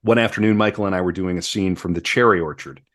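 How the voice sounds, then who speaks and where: A man with a low voice co-hosts a podcast and reads long passages aloud in a conversational way, leaning lightly on key words. Between passages he slips back into relaxed chat. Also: fast talker. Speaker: podcast co-host. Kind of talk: reading a memoir aloud, then casual chat.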